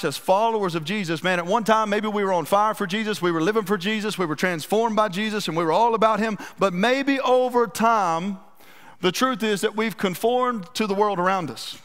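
Pastor, male. High voice, folksy and animated sermon storytelling, reverberant church hall. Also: moderate pace. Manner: folksy, animated storytelling with self-deprecating humor. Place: church sanctuary.

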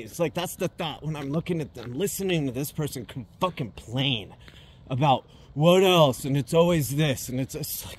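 Husky, blunt, profane man. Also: medium pitch, darkish tone. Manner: blunt and profane, with sudden emphatic swells. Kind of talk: personal monologue.

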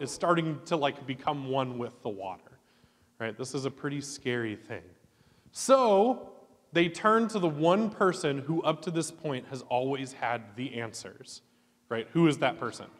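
Man leading a children's chapel talk. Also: fairly high pitch. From Oklahoma. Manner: lively, asks the children questions. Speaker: guest chapel leader. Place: church chapel. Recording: long hall reverb.

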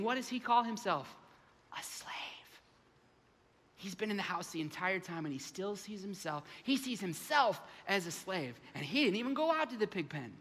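A man from the United States preaching a sermon as pastor, animated and acting out the voices in his stories. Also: high voice, normal speed, husky, long reverb tail. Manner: animated, acts out voices, frequent restarts. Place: large church sanctuary.

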